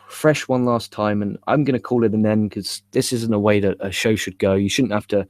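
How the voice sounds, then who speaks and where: A man's voice: lowish voice, fairly even intonation, normal speed, darkish tone, no room sound. A young man hosting a live wrestling chat show, frustrated and swearing, rambling with repeated stammers into a cheap microphone. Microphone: cheap USB microphone.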